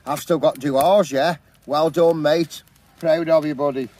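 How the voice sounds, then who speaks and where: A middle-aged man chatting in a relaxed, upbeat way as a camping vlogger, talking into a handheld camera outdoors at a campsite. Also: a little high, normal speed. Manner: chatty, upbeat, says "awesome, mate" often. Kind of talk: casual vlog chat.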